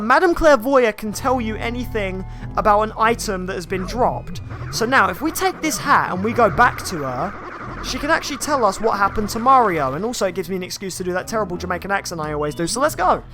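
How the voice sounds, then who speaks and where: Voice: medium pitch, bright, forceful tone. A game streamer, giving casual live gameplay commentary, explaining and greeting viewers in chat.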